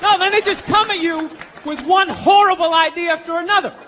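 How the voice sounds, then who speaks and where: A man doing a profane stand-up rant, shouting his punchlines on stage. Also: extremely high pitch, steady tone, a little fast. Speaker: stand-up comedian. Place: comedy venue with laughing audience. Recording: live stage recording, crowd laughter and noise.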